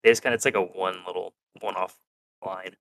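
A man's voice: low voice, fairly even intonation, fairly quick, a bit bright, dry recording. A man co-hosting a podcast, recapping an episode in casual chat, laughing often and acting out characters' lines. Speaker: podcast co-host.

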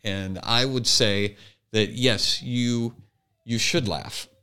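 A man co-hosts a casual podcast, pressing an earnest argument through restarts and quoted asides. His voice sits in a middle pitch and comes across bright and forceful. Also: steady tone, slow, smooth. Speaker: podcast co-host.

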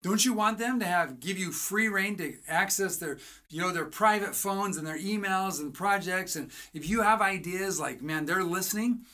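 A writing coach teaches in a motivational style, with a bright and forceful voice. The delivery is energetic. The coach asks the listener rhetorical questions and acts out little conversations. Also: mid-range voice, moderate pace.

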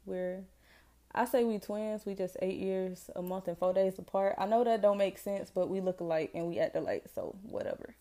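A woman's voice: medium pitch, steady tone, moderate pace, warm tone. A woman in her twenties from Jacksonville, Florida, with a Southern accent, chatting casually and slangily as she hosts her own podcast. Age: 20s. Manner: chatty, rambling, self-deprecating, slangy. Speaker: podcast host. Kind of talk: casual solo podcast chat.

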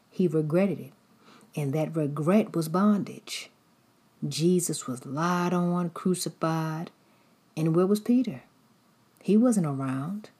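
A woman's voice: low voice, warm tone, breathy edge. A woman preacher giving a sermon in a repetitive, rhythmic cadence.

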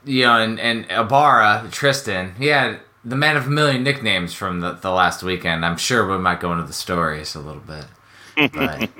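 A man with a low but bright voice that swings widely in pitch, hosting a relaxed gaming podcast. He talks easily and laughs readily. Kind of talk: casual chat.

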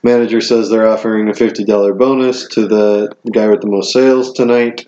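A man's voice: on the low side, level tone, a little fast, warm tone, lo-fi sound, a little hiss or hum. A man co-hosting a casual podcast, summarizing a TV episode's plot in a matter-of-fact way. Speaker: podcast co-host. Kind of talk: casual chat recapping a TV episode.

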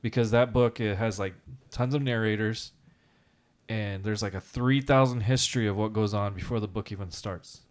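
A man co-hosting a casual podcast, a teacher who tells animated stories, acts out quotes and talks with many fillers. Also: on the low side, moderate pace. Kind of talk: casual chat.

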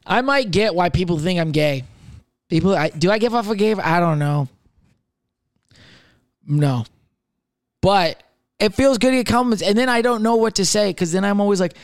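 A young man rambles through a solo comedy podcast at a moderate pace, cursing freely, laughing at himself, and leaving long pauses. His slightly high voice is smooth and clear. The recording is close and dry, with no room sound at all.

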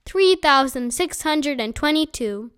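A woman's voice: sits high, expressive, measured pace, a bit bright. A woman voicing a stern old witch in a storybook reading, curt and dismissive. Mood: cold.

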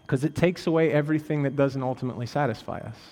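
A male pastor preaching a sermon in a conversational way, tossing in "right?" asides and jokes, swinging from raised, intense emphasis to quiet, low stresses. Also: fast, in a large hall.

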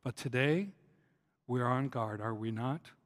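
A middle-aged man preaching a sermon, telling stories with a loud, lively push and dropping to a soft, low voice on his key points. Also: measured pace. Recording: long reverb of a large hall.

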